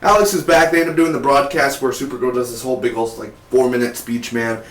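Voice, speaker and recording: Young male reviewer, slangy and rambling, mid-pitch voice, echoey room. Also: quick pace. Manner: excitable, slangy, rambling with fillers. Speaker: TV show reviewer. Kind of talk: casual recap. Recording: roomy echo.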